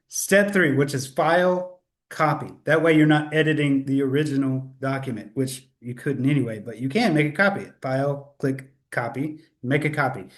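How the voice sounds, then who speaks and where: A man with a medium-pitched voice talks at normal speed into a computer mic while hosting a live sales webinar. He's upbeat and chatty, correcting himself and laughing at his own slip-ups.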